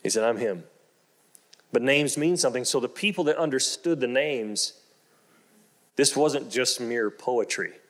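A middle-aged man preaching a sermon, who moves from slow, low storytelling to loud, excited exclamations and repeats his phrases for emphasis. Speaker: pastor.

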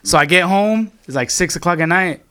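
A man's voice: high-pitched, fairly quick, pushed and bright, smooth. A young man telling a long story to his friends in casual chat, rambling and swearing, with lots of filler words.

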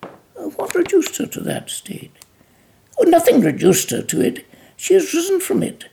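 A reader playing an eager, gentle eccentric doctor, speaking fondly and explaining things, in a gravelly, husky voice. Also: extremely high pitch, wildly swooping pitch, moderate pace, voice pushed up, heavily acted.

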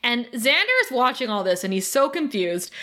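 A woman's voice: a little high, moderate pace. A woman co-hosting a podcast, chatting casually as she retells scenes with laughter. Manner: animated retelling with laughs and acted quotes. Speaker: podcast co-host. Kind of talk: casual recap chat.

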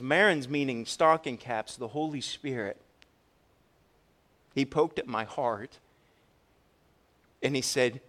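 A man preaching a sermon as pastor, telling a personal story with lively swings between loud and quiet delivery and frequent restarts. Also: medium pitch, slow, long pauses. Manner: repeats words when restarting.

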